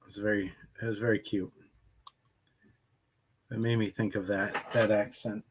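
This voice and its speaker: A man's voice: lowish voice, little pitch movement, a little slow, noisy background. A man hosting a casual painting livestream, chatting in a rambling way and greeting viewers by name. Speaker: livestream host painting miniatures.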